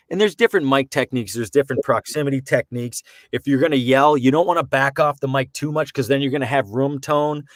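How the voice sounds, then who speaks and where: A man who works as a professional voice actor, answering interview questions in casual, animated, rambling explanations with frequent restarts. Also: medium pitch, quick pace, hardly any pauses, no echo, studio quality.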